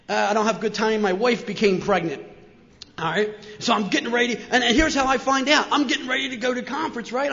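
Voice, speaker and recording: A middle-aged man with a New Jersey accent speaks to a crowd in a high, animated voice, peppering his talk with "man." The sound is muffled and carries a long reverb from the hall. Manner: animated, says "man" constantly, repeats "and". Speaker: speaker sharing his recovery story. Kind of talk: personal story talk to an audience. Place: large meeting hall with an audience.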